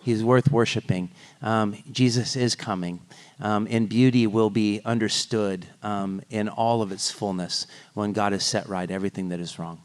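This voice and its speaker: A man's voice: on the low side, fairly even intonation, normal speed. A man preaching a sermon as pastor at a church service, talking conversationally with restarts and light jokes. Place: church service before singing congregation.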